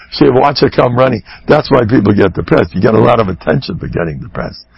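A man giving a joking, animated sermon about counseling, over a muffled radio broadcast. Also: medium pitch, fairly quick, vocal fry, breathy edge. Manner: animated, joking, acts out quotes.

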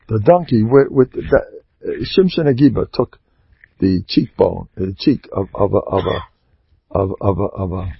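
Very husky, gravelly male preacher. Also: mid-range voice, dry recording, lo-fi sound. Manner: exhorting, conversational, addresses listeners directly. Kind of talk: informal sermon.

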